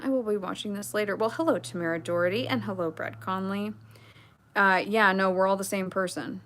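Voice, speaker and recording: A woman's voice: medium pitch, a bit bright. A young adult woman hosting a casual livestream, reading chat and talking in a blunt, sarcastic, rambling way with asides.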